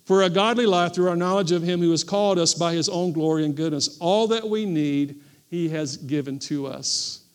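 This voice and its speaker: A man with a notably high-pitched voice preaches a sermon as pastor of a church. He drives his points home through emphatic repetition and calls on the congregation to answer him. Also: moderate pace, clear, resonant tone. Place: church service.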